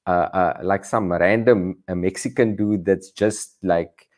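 A man with a Cape Town accent talks on a video call, sitting outdoors. He is animated and self-deprecating, restarting his sentences often. His pitch jumps up whenever he gets excited. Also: measured pace. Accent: Cape Town South African. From South Africa. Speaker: comedian guest. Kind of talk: casual video-call interview. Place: on top of a garage, outdoors.

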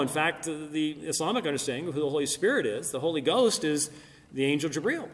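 A middle-aged man speaks with a fairly high voice, lecturing and arguing his points with insistent emphasis. His voice rings through a church hall with a long, lingering reverb. He often restarts sentences and adds fillers before landing hard on a point. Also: slight background noise. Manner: emphatic, argumentative, rising loud on key points. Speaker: Christian apologist speaker. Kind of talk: apologetics lecture.

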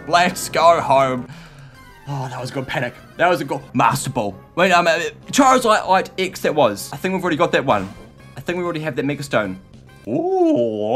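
A man commenting on his own gameplay in a frantic, excitable way, often shouting and squealing. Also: fairly high pitch. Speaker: gaming YouTuber. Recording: light background music.

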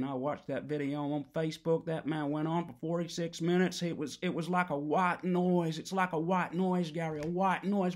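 A man's voice: fairly high pitch, pitched below the performer's own voice, natural voice. A man playing a rambling, defensive ex-militant talking on the phone, stammering through restarts and swearing in a comedic monologue. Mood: brooding. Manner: one-sided phone call, repeating himself, stammering restarts, swearing.

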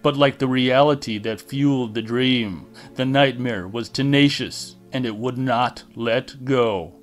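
A man reading a horror novel aloud in a deliberate, dramatic narration style. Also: mid-range voice, soft background music. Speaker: audiobook reader.

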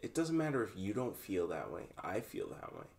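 A man's voice: fairly low pitch, huge pitch swings, brisk, vocal fry, a little mellow, slight background noise. A young man in his twenties hosting a podcast, talking frankly and teasingly with a friend. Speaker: podcast host. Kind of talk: casual conversation.

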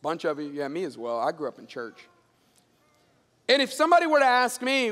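A middle-aged male pastor preaching a sermon, telling stories with lively acted-out dialogue. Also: normal speed, long pauses. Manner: animated storyteller acting out dialogue in a lowered voice. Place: large church auditorium. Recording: long hall reverb.

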